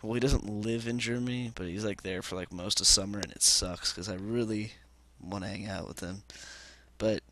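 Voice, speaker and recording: A man's voice: fairly low pitch, fairly even intonation, moderate pace, fairly bright tone. Rambling teenage boy telling a story. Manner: rambling, many fillers and restarts. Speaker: gaming commentator. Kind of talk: rambling storytelling over gameplay.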